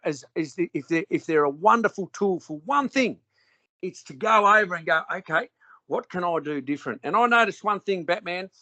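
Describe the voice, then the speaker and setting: This man argues on a call with a high, bright voice. He swears constantly and keeps repeating questions back at the other caller, refusing to back down. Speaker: call participant. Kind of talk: heated argument on a call.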